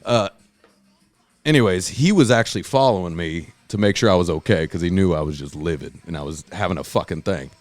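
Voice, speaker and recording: A man's voice: fairly quick, no echo, faint music behind. A man hosting a podcast, telling a wild story in casual, profane chat and acting out the people in it. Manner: profane, animated, acts out quotes in a loud high voice. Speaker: podcast host.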